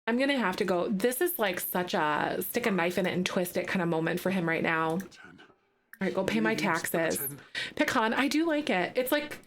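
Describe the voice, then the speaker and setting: A woman streaming live, chatting casually with lots of fillers and bursts of excitement. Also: medium pitch, normal speed, a little hiss or hum.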